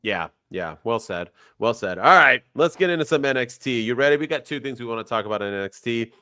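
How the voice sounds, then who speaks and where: A man's voice: mid-range voice, clear, resonant tone. This is a man co-hosting a laid-back podcast, with a voice that sits in a typical middle register. He talks with lots of energy and tosses question after question at his partner in casual chat. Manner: animated, throws rapid questions at his co-host. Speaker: podcast co-host.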